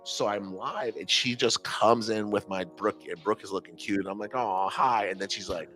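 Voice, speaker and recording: A young man hosting a live trading stream, telling animated stories and acting out quotes in casual chat. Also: fairly low pitch, moderate pace, soft background music. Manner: animated storytelling, acts out quotes. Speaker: trader and show host.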